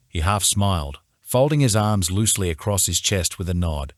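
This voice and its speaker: An audiobook narrator with a very low voice reads a romance novel in the first person, telling the story in a steady, measured way. The studio recording is dry and close, with no room sound at all.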